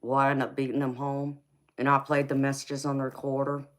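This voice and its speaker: A woman's voice: a bass voice, completely flat delivery, fairly quick. A woman from Los Angeles with a Southern accent, chatting casually on a live stream and answering viewers' comments. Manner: chatty, laughs often, reads out viewer comments. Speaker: tarot reader streamer.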